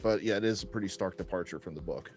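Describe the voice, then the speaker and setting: A man's voice: sits low, fast talker, soft background music. A man co-hosting a casual podcast, talking loosely and jokingly, swearing and restarting his sentences. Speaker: podcast co-host.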